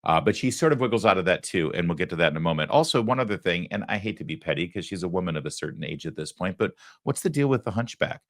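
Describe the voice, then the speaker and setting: Sarcastic lower-voiced male commentary host. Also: lively intonation, fast, hardly any pauses. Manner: sarcastic, mocking asides. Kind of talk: political commentary monologue.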